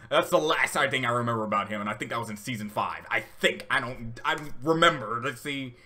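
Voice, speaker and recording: Male reaction host, bright edgy tone, mid pitch, loose rambly delivery full of fillers. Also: brisk. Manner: rambling, many fillers and restarts; emotional, laughing through tears. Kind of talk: casual reaction commentary.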